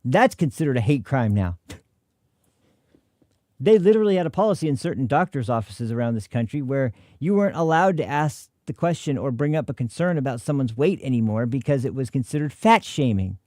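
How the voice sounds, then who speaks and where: A man's voice: mid-range voice, lively intonation, a little fast, mellow, no room sound, studio quality. An American man hosting a political livestream, reacting to clips in an angry, profane rant. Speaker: political commentary host.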